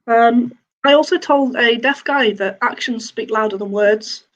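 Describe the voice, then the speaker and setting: A young woman with a Northern English accent doing a deadpan, self-mocking stand-up routine. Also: a little high, a little slow. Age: young adult. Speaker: stand-up comedian. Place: home, online showcase.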